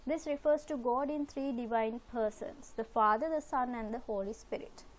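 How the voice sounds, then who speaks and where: A woman's voice: fairly high pitch, moderate pace. A woman teaching a recorded literature lesson, explaining slides patiently and methodically, repeating key points with frequent fillers.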